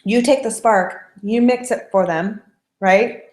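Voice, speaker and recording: A woman teaching in an echoey living room, her voice in a middle pitch. She tells stories animatedly and acts out both sides of her conversations. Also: slow, a little hiss or hum. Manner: animated storyteller acting out dialogue. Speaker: network marketing trainer. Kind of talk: casual training talk.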